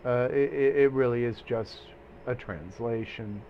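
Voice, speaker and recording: A male teacher giving a recorded literature lecture, hesitant, full of fillers and throat-clearing. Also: mid-range voice, unhurried, dull audio, slight background noise.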